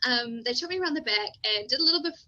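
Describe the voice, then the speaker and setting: A young woman from New Zealand hosting a podcast, chatting casually, animated and swearing freely. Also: sits high, racing, dull audio. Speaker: podcast host. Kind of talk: casual chat.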